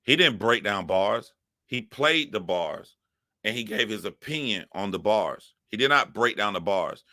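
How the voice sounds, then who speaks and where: A man's voice: on the low side, lively intonation, unhurried, pushed and bright, dry recording, studio quality. A man giving heated, profane commentary to his live chat as a streamer. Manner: profane, emphatic ranting.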